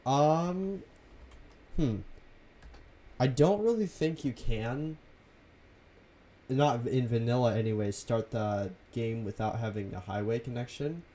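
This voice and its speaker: Laid-back streamer man, dark mellow voice. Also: medium pitch, slow, long pauses. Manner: laid-back, soft half-whispered delivery. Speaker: game streamer. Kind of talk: casual live-stream commentary.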